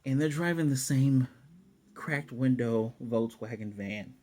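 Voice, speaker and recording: A man's voice: mid-range voice, a little slow, mellow, a little hiss or hum. A man casually recapping an anime episode in a loose, chatty way, stopping now and then to find his place. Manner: loose, chatty retelling with fillers. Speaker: anime reviewer.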